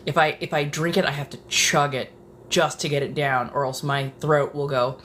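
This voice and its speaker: A woman's voice: low-pitched, steady tone, normal speed, a bit bright, slight background noise. A woman streamer chatting casually, swearing and getting dramatic, sometimes dropping into whispers. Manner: profane, dramatic, drifts into whispers. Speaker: ASMR streamer. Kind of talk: casual chat. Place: apartment.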